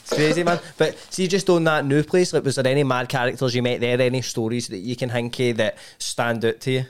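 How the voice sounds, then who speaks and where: Scottish podcast host saying "aye". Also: male voice, mid-range voice, steady tone, smooth. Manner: chatty, quick "aye" agreements and questions. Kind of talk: casual chat.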